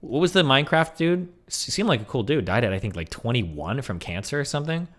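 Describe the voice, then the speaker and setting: A man co-hosting a casual stream chat, thinking out loud in a rambling, speculative way. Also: medium pitch, big pitch swings, brisk. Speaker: stream co-host.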